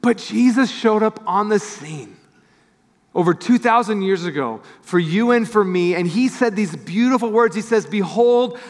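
A man preaching a sermon as pastor, telling a story and acting out the people in it. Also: a little high. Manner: storytelling, animated voices for quoted people. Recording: church hall with long reverb.

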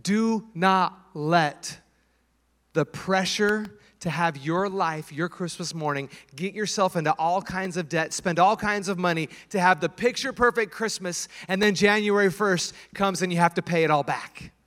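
High-voiced preaching man in a reverberant church. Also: normal speed, fairly bright tone. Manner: storytelling, acts out voices and screams. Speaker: pastor. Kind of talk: sermon.

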